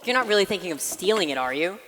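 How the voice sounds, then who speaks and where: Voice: medium pitch, expressive, fast, fairly bright tone, natural voice. A teenage student acting in a school play as a nervous, dry-witted younger boy. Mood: wary. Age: teens. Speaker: student actor. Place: school auditorium stage. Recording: echoey hall from a room mic with faint noise.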